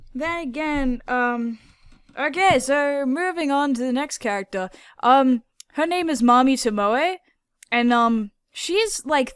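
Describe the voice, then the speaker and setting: A woman hosting a casual video, rambling excitedly about anime characters, swearing a lot and using many fillers. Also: fairly high pitch, smooth, no room sound, studio quality. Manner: filler-heavy. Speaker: video host.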